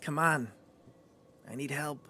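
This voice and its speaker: A man voicing a chatty wooden skeleton marionette tangled in its strings, with a raspy, coaxing way of talking. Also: fairly high pitch, slow, sharp tone, slight background noise.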